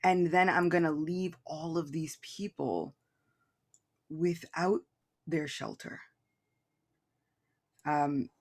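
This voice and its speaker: A man's voice: fairly high pitch, vocal fry. A man on a casual podcast, reading scripture aloud and explaining it in a thoughtful, rambling way with many restarts.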